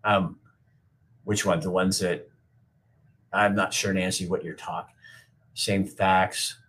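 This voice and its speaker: A man's voice: sits low, little pitch movement, slow pace, fairly bright tone, slight background noise. A middle-aged man hosting a casual livestream, reading viewer comments aloud and answering them in a blunt, rambling way with frequent swearing and restarts. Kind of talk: casual unscripted livestream talk.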